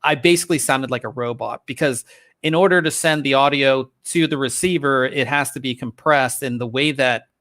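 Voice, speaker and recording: A man hosting a casual tech podcast, talking in a relaxed, rambling way with frequent ums and restarts, recorded on a studio podcast microphone. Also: medium pitch, normal speed. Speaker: podcast host.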